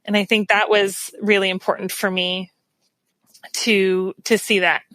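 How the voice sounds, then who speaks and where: Bright-voiced reflective woman guest. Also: medium pitch, level tone, a little slow, no echo. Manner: earnest, reflective, laughs often. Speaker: podcast guest. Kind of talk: casual interview chat.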